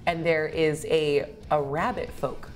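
A woman's voice: low-pitched, fairly even intonation, slow, soft background music. A woman narrating as game master in a loose, chatty way with frequent fillers.

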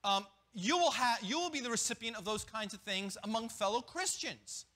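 A man preaching a sermon as pastor, animated, with quick restarts and acted-out asides. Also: very high voice. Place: church.

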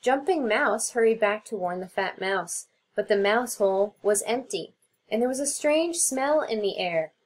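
Animated woman reading a storybook. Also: mid-range voice, moderate pace. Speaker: teacher reading aloud. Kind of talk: storybook narration.

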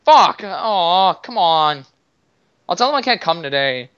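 A woman's voice: lowish voice, very animated, unhurried, fairly bright tone, smooth, no echo. A woman on game voice chat, exasperated and complaining about lag and bugs, swearing now and then. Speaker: player in an online wrestling game. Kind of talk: casual gaming voice chat. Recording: muffled voice chat with faint noise.

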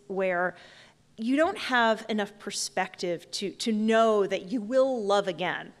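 A woman's voice: medium pitch, in a large hall. A woman in her forties, an author giving a chatty, self-deprecating comic storytelling talk on stage.

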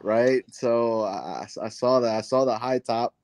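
A man's voice: mid-range voice, unhurried, darkish tone, no room sound. A man co-hosting, asking teasing, slangy questions and telling his own family story. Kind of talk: casual chat.

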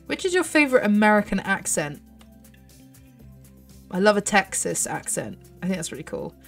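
A woman's voice: mid-range voice, big pitch swings, normal speed, vocal fry, a bit bright, soft background music. A 30-year-old British woman chatting through gameplay as a host, bubbly and thinking aloud, with little gasps and squeals. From United Kingdom. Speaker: gaming channel host. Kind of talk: casual gameplay commentary.

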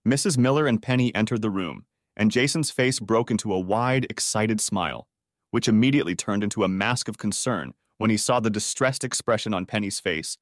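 A man narrating an audiobook story in a steady, expressive storytelling manner. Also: lowish voice, no echo, clean studio sound.

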